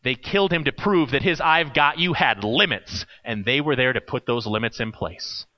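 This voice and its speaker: A man preaching a sermon, telling a story with acted quotes and dramatic pauses. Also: medium pitch, lo-fi sound. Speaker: pastor.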